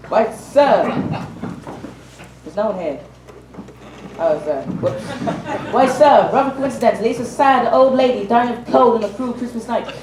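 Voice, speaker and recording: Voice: medium pitch, a little slow, pauses often, a crowd in the background, natural voice. A young student playing a sly, sarcastic male schemer in an amateur school stage comedy. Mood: sardonic. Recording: echoey hall from far off.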